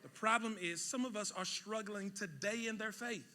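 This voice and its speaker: A pastor preaching a sermon, swinging between loud shouted peaks and quiet asides. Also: male voice, high voice, normal speed. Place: church sanctuary with congregation.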